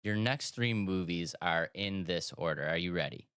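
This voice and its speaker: Man, podcast co-host, fairly low voice, playful teasing, upbeat. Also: normal speed, fairly bright tone, clean tone, dry recording, studio quality. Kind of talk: casual chat.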